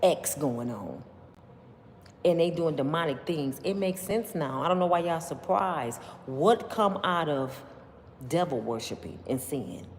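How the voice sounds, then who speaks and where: A woman's voice: deep voice, animated, measured pace, long reverb tail, slight background noise. A woman giving opinionated commentary on celebrity news, emphatic and preachy, with constant rhetorical questions to her viewers. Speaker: commentary vlogger.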